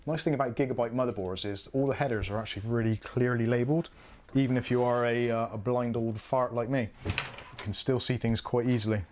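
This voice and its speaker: Narrating his PC build live, this UK streamer chats away, mocks himself and thinks out loud while working. He has a medium-pitched, steady voice and a brisk pace, with background noise in the recording.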